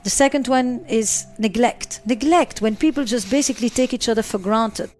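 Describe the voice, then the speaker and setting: A woman's voice: a little high, normal speed, a little mellow, faint music behind. A woman therapist answering interview questions, stressing points by repeating and listing words. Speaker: relationship therapist.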